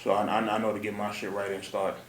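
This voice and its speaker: A man hosting a podcast interview, laid-back and quick to answer with "okay". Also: lowish voice, little pitch movement. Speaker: podcast host. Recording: echoey room, distant from mic.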